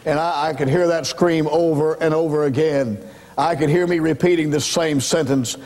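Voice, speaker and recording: A man's voice: fairly high pitch, steady tone, moderate pace, darkish tone. An older man preaching his life story as an evangelist, in a folksy storytelling manner. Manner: folksy storytelling, rising to impassioned cries. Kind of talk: testimony sermon. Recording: reverberant hall recording.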